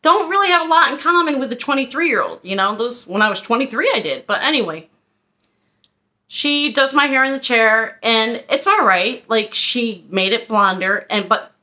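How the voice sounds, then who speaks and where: A woman's voice: on the high side, animated, normal speed, sharp tone. A woman tells a long story in a casual vlog. She vents and rambles, with asides, and acts out what people said. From Philadelphia, USA. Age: 50s. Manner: chatty, venting, acts out quotes. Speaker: haul vlogger.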